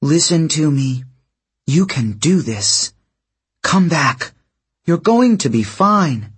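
A man voicing a determined teenage girl with a husky voice, speaking urgently and firmly. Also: fairly high pitch, big pitch swings, slow pace, pitched above the performer's own voice, exaggerated voice. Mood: pleading. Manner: urgent, pleading, firm.

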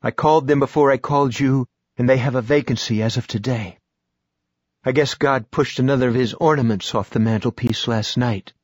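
A shaken woman who has made a hard choice speaks with a husky, breathy edge, put on by a man reading the book. Her voice sits a little above his own and stays steady and resolved. The recording is dry and close. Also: medium pitch, brisk, no room sound, lightly acted. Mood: resolute. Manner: distraught, strained, firm. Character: grieving exhausted woman, wife and mother.

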